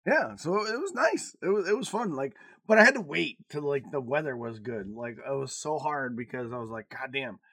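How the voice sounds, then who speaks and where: A man's voice: fairly high pitch, normal speed, vocal fry, few pauses, dry recording. A man co-hosting a podcast, telling stories in casual chat with lots of swearing and laughter. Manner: animated storytelling, swearing, laughing often, big swings in loudness. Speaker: podcast co-host.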